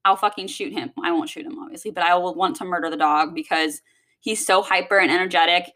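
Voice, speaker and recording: Bright-voiced young woman venting. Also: fairly low pitch, fairly even intonation, fast. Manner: rambling and heavy on swearing. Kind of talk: casual venting monologue.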